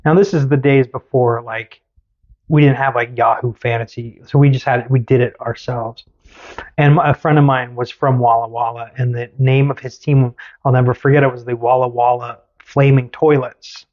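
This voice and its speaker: A man's voice: mid-range voice, steady tone, moderate pace, lo-fi sound. A man hosting a podcast, telling a story in a casual, teasing way. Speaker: podcast host.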